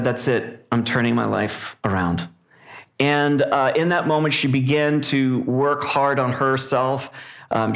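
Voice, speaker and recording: A male pastor preaching a sermon in a reflective way, pausing often with fillers. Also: medium pitch, vocal fry, a bit bright.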